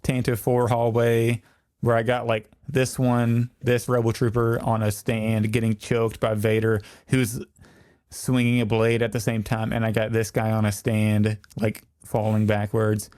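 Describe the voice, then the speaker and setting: A man's voice: fairly low pitch, monotone, unhurried, a little mellow. A man hosting a podcast in casual, easygoing chat, talking loosely with many fillers. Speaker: podcast host.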